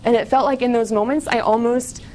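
A woman's voice: fairly high pitch, fairly even intonation, a little fast, warm tone, slight background noise. A woman giving a casual personal testimony to an audience, candid and chatty, full of "like" and small laughs at herself.

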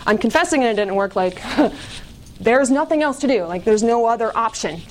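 A woman's voice: a little high, animated, moderate pace, darkish tone. A woman giving a casual personal testimony to an audience, candid and chatty, full of "like" and small laughs at herself.

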